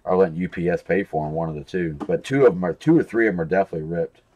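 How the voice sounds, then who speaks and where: A man's voice: deep voice, rapid-fire, no echo, muffled recording. Chatty man calling out card breaks. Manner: casual, rambling, calls out names and card numbers. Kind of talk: live stream card break chat.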